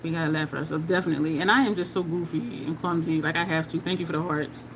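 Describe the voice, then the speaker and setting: With a low voice and a steady tone, she talks fast over background noise. The speaker is a woman from New Jersey, accent New Jersey and New York, casually chatting and frequently laughing with viewers as she does her makeup on a livestream.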